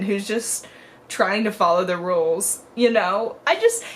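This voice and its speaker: A woman's voice: fairly high pitch, a little hiss or hum. A young adult woman giving a chatty book review, full of "like" and acted-out quotes of the characters. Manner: chatty, lots of "like", animated quoting. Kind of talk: casual chat.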